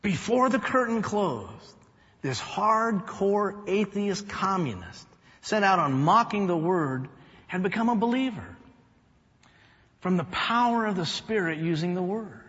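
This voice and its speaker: A man preaching a sermon as pastor, telling stories and moving between loud, lively stretches and hushed, quiet ones. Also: high-pitched, a little slow. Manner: storytelling, swings from loud to hushed. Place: church sanctuary. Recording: dull sound with long reverb in a large hall.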